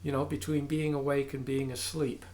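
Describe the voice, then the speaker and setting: An older man, a dharma teacher, giving a contemplative talk in halting, searching phrases with frequent asides. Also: medium pitch, level tone, a little mellow, roomy sound.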